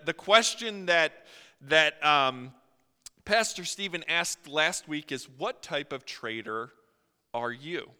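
Male preacher, high and very bright voice, smooth and resonant, earnest sermon delivery with rises and drops, reverberant church hall. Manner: earnest, voice swells and drops for emphasis.

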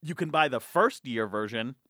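Animated young man in a dry, close sound. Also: moderate pace, dry recording. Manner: animated storyteller, acts out quotes in loud high voices. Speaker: podcast co-host. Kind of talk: casual chat.

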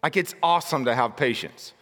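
A man preaching a sermon in a casual, jokey storytelling way, breaking into shouted outbursts. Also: mid-range voice, a little fast, long reverb tail. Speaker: pastor.

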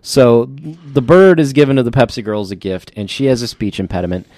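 A man's voice: mid-range voice, a little fast, darkish tone, no echo. A man co-hosting a podcast, talking in a laid-back casual way, often restarting his sentences. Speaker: podcast co-host. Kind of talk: casual chat.

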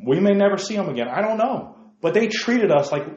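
Male pastor, slightly high voice, chatty sermon delivery, dull lo-fi sound in a roomy church. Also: big pitch swings, brisk, a little mellow. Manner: conversational, asks the congregation questions.

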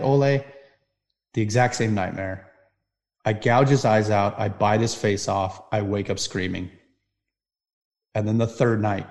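A man, a podcast guest, telling a personal story in conversation, intense and vivid, swinging between loud bursts and hushed passages. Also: fairly low pitch.

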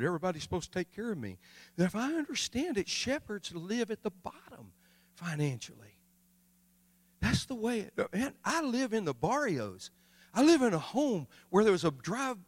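A male missionary preaching a sermon, swinging from loud shouts to hushed, quiet passages. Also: high voice, in a large hall.

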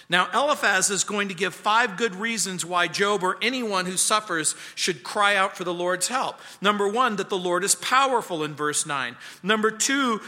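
A pastor preaches a verse-by-verse sermon in a high, piercingly bright voice. He is earnest, dropping soft and then pressing hard. The sound rings through a church with long reverb. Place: church sanctuary.

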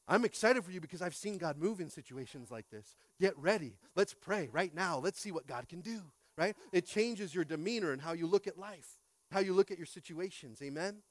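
A pastor with a high voice preaches an energetic sermon at a fairly quick pace, swinging between hushed prayer and loud calls. He frequently asks the congregation to respond, and the recording has no echo.

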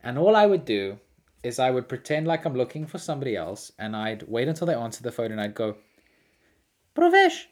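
Lively man telling stories. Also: mid-range voice, quick pace. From South Africa. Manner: animated storyteller, laughs often. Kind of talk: casual chat.

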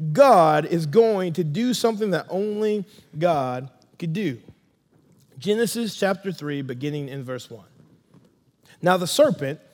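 A pastor preaches in a very high voice, swinging between loud emphatic bursts and hushed asides. His sermon rings out with a long reverb from a large church hall.

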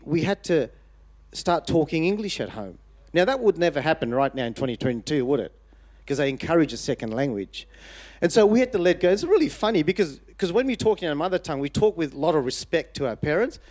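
A middle-aged man from Fiji with a touch of Australian twang preaches a personal testimony. His storytelling is lively and conversational, full of "you know" asides. His voice sits a little high and rises and falls a lot. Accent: Fijian Indian with Australian twang.

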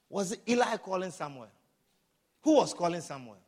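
A man preaching a sermon, shouting some lines and drawing others out slowly for emphasis. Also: sits high, big pitch swings, breathy edge. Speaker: pastor.

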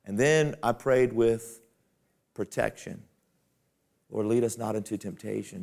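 A man's voice: lowish voice, normal speed, vocal fry, darkish tone. A man preaching a sermon to fellow pastors in a folksy, conversational way that climbs to emphatic peaks.

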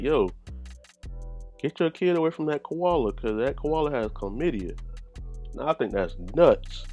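A man's voice: on the low side, muffled recording. A man hosting a podcast, talking in a casual, slangy, digressive way and joking as he rambles. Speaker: podcast host.

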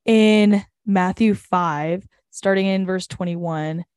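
A woman's voice: medium pitch, takes it slowly, darkish tone, clean tone, no echo, clean studio sound. A young woman co-hosting a casual faith podcast, rambling and filling her talk with "like.". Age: young adult. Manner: rambling, heavy use of "like". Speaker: podcast co-host.

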